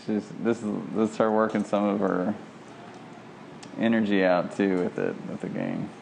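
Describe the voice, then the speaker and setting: A man working as a dog trainer, coaching an owner at home with lively praise for the dog. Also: lowish voice, moderate pace, vocal fry, a little hiss or hum. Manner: lively, sing-song praise for a dog between plain explanations. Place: home kitchen.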